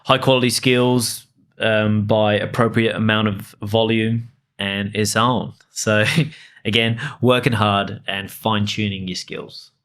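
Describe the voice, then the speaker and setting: Man, podcast co-host, casual motivational chat, slightly low voice. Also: level tone, slow pace, fairly bright tone. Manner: motivational, peppered with "you know" and laughs. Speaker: podcast co-host, real estate agent.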